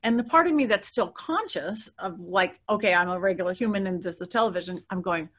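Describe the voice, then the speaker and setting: A middle-aged woman, a guest psychic, telling stories in an interview in a lively way, laughing often and acting out the voices of others. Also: mid-range voice, brisk. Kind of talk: animated storytelling interview.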